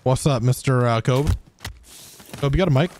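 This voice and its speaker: A man's voice: mid-range voice, normal speed, darkish tone. A man streaming a shooter game, taunting other players over voice chat and laughing between fights. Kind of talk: casual gameplay commentary. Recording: game gunfire and noise behind the voice.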